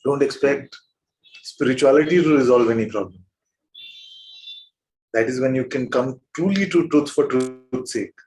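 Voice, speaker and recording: The recording is rough as a man delivers a spiritual talk to the group he teaches. He's gently playful, laughs softly often and prods people with rhetorical questions, speaking at normal speed in a mid-range voice and pausing often.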